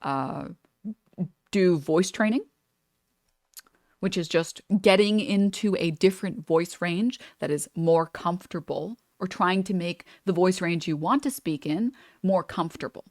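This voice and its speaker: A woman's voice: on the low side, measured pace, darkish tone, no room sound, clean studio sound. A woman streamer chatting casually while reacting to a video, rambling with many fillers and restarts. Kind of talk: casual live-stream chat.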